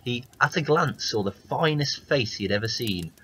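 A man reading a fairy tale aloud as a storyteller, in steady, plain narration. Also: mid-range voice, normal speed, slight background noise, low-quality recording.

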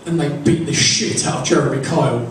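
A man compering a stand-up comedy night, telling stories in a dry, deliberate way that builds to crude punchlines. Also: fairly high pitch, very noisy. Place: comedy club stage. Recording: echoey club from far off.

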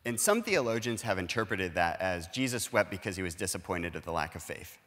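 A man's voice: low voice, sing-song, brisk, fairly bright tone, long reverb tail. A man speaking as a pastor in a conversational sermon, earnestly explaining and acting out everyday dialogue. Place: church auditorium.

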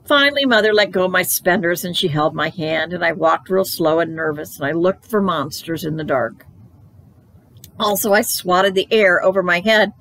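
A woman reading a children's book aloud for a library, expressive and playful. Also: fairly low pitch, normal speed, gravelly, rough recording. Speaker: library storyteller.

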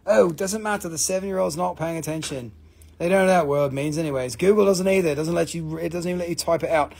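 Gravelly rambling man hosting a gem sale. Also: a little high, quick pace, darkish tone. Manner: rambling, joking and profane, calling out buyers and prices. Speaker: host of a live gemstone sales stream. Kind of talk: live sales stream chat. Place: family-owned rock shop.

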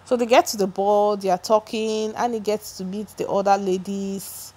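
A woman's voice: mid-range voice, fairly even intonation, moderate pace, dark tone. A woman giving a chatty, opinionated gossip recap, often restarting her sentences. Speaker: celebrity gossip vlogger.

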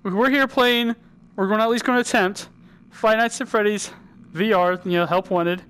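A woman hosting her own gaming channel, chatting and joking through a VR game and breaking into loud yells. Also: moderate pace, clean tone. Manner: chatty, jokey, bursts into high yelling. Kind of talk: casual gameplay commentary.

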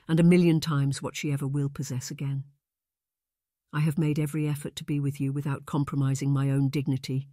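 A man's voice: a little high, darkish tone, no room sound, clean studio sound, natural voice. A man voicing a proper young woman, a governess, speaking formally and with restraint.

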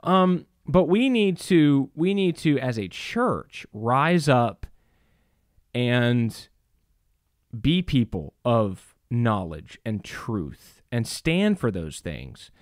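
Speaking very slowly with wide swings in pitch, this middle-aged church speaker delivers a sermon in a mid-range voice. The studio-quality recording has no echo, and he preaches emphatically, using rhetorical questions and plenty of fillers.

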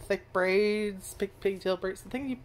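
A woman's voice: medium pitch, unhurried, slight background noise. A woman giving casual first impressions of a show, rambling, swearing freely and correcting herself as she goes. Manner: rambling, profane, self-correcting. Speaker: anime reviewer.

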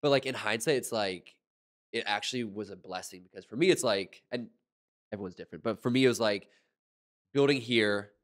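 A man's voice: lowish voice, a little fast. A man hosting a casual interview in a laid-back manner. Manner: laid-back, lots of "like" fillers. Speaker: interview host.

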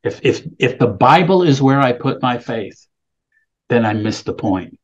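A man's voice: medium pitch, lively intonation, a little slow, slightly rough, muffled recording. A man preaching a sermon, reading scripture aloud with rising emphasis and then explaining it plainly. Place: California, speaking remotely.

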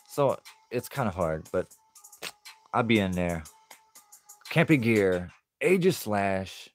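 A man's voice: fairly low pitch, sing-song, slow pace, pauses often, soft background music. A man chatting casually on a live stream as he opens card packs, easygoing and laughing often.

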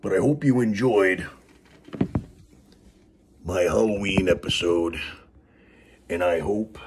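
Speaking slowly in a deep voice over a noisy background, a man hosts a wrestling vlog. His talk is casual, loose, and laid-back, rambling along with lots of fillers.

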